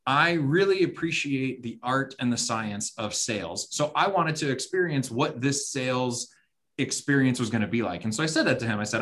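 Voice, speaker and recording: Expressive and fairly bright in tone, a podcast co-host with a mid-range voice speaks at a normal pace. He wanders through a story in relaxed chat, often restarting and leaning heavily on fillers.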